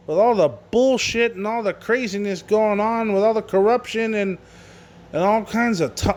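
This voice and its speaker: A man hosting a wrestling podcast, rambling casually with frequent swearing and fillers. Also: high voice. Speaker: podcast host.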